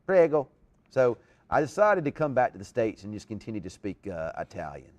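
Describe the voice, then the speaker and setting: A man's voice: fairly low pitch, sing-song, brisk. A man hosting a casual live chat show, talking in a rambling way with lots of restarts.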